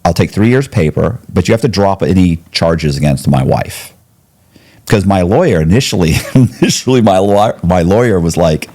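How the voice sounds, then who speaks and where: A man, a podcast guest, telling his story in conversation, quick restarts and quoted dialogue. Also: deep voice, expressive, mellow.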